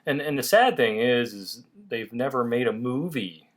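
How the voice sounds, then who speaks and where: A man's voice: mid-range voice, normal speed. Guy hosting a toy review chat, voice jumps all over, laughs a lot, trips over his words. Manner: lively, laughs often, restarts sentences. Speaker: toy review channel host. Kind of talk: casual chat.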